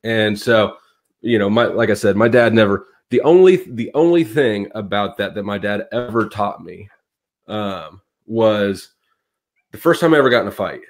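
A man's voice: on the low side, lively intonation, normal speed. A man in casual conversation, telling blunt childhood stories, swearing freely and laughing as he talks. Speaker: guest.

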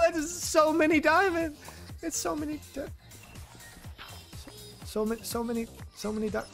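Excitable young man streaming a game. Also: very high-pitched. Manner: excitable, swears, shouts and laughs at the game. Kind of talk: live game commentary.

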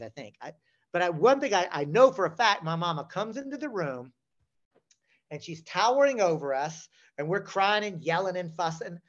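A man's voice: high voice, fairly bright tone, muffled recording. Southern man in his sixties, storytelling. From Southern United States. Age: 60s. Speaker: interview guest. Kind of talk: casual storytelling.

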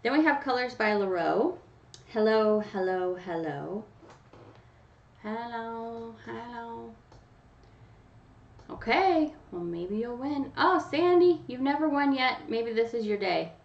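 A chatty woman from Canada hosts a live stream, talking straight to viewers by name. Her voice has a gravelly edge and sits back from the mic, in a roomy space. The sound is dull and lo-fi. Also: a little high, sing-song, moderate pace, few pauses, recorded from a distance. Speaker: livestream host running a nail polish giveaway. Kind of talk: casual live chat to viewers.

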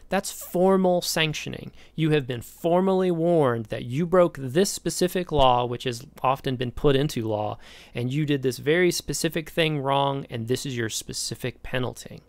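A man's voice: medium pitch, no echo. A man lecturing college students in a casual, conversational way, often stepping aside to speak to them directly. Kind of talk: recorded lecture.

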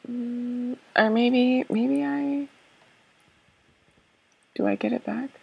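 Recorded with lo-fi sound, this let's-play gamer has a highish, creaky voice with a breathy edge, a steady tone and drawn-out words. She talks through her puzzle-game play in a hesitant, self-doubting way, full of fillers and repeated "okays."

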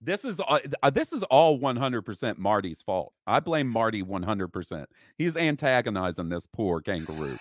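A man's voice: fairly low pitch, sing-song, normal speed, hardly any pauses, no room sound, studio quality. A man co-hosting a podcast, casually and laughingly commenting on old TV footage. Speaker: podcast co-host. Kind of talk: casual chat.

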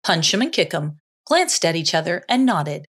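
A woman narrating a children's story in a slow, expressive reading voice. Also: fairly low pitch, husky.

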